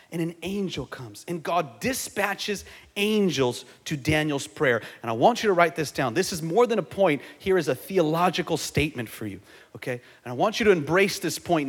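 Man preaching, high voice, husky edge, shouting and calling out to the congregation, live church reverb. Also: very animated, normal speed. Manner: preaching with call-and-response, shouting at peaks. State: sweating from exertion. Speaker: pastor. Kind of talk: sermon. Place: church sanctuary.

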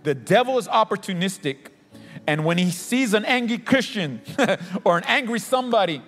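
A man's voice: high voice, lively intonation, moderate pace, a bit bright. A man preaching in an emphatic way, repeating phrases to drive points home. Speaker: co-host teaching on faith. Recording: long reverb with faint music behind.

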